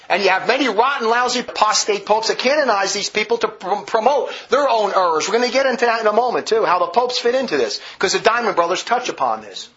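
High, bright-voiced man on a vehement rant. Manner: vehement, emphatic, combative. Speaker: religious commentator. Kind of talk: polemical monologue. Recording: dull lo-fi recording.

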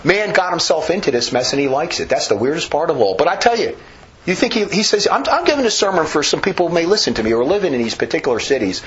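On a muffled, low-fidelity recording, a man delivers a passionate sermon at a quick pace, his slightly bright voice making big leaps in pitch to drive each point home. He speaks in forceful, wandering bursts, frequently starting over.

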